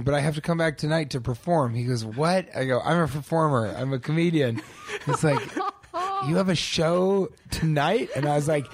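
A male comedian in casual chat, telling a rambling anecdote and acting out the other people in it. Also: mid-range voice.

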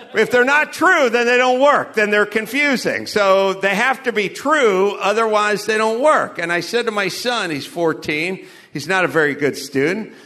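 High, bright-voiced rambling male comic. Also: unhurried. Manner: rambling, crude, deadpan jokes with laughs. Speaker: comedian. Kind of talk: loose stand-up storytelling.

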